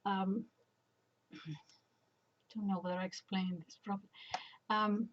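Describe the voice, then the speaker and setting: A woman giving a casual religious commentary, hesitant and reflective with many pauses and fillers. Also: medium pitch, steady tone, dull audio. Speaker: catholic commentator.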